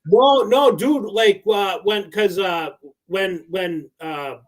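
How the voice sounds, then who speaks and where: High-voiced dude-saying podcast man. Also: takes it slowly. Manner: laid-back, swears, says dude a lot. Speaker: podcast co-host. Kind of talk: casual chat.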